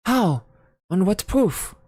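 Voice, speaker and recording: A woman voicing a middle-aged father who stammers and blusters in excitable, indignant bursts. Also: medium pitch, slow pace, no echo, clean studio sound, voice pushed up. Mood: fretful.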